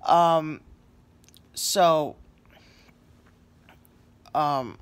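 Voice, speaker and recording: A man's voice: a little high, very slow, clear, resonant tone. A sleepy man lying on a couch at home, rambling in a casual vlog with lots of fillers and apologies. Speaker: vlogger.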